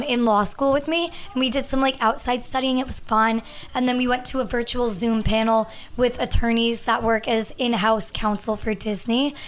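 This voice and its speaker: A woman in her twenties hosting a casual podcast, hoarse and losing her voice, chatty and rambling with lots of ums and likes. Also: on the high side, a little hiss or hum. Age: 20s. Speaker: podcast host. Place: at her family home. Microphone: podcast microphone.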